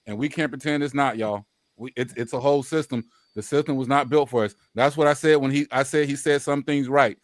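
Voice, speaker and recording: A Southern man from Louisiana, Mississippi, speaks with a Southern accent on a live-stream panel, earnest and impassioned yet casual. His mid-range voice moves fairly quickly with fairly even intonation and no room sound, and he repeats himself and swears at times.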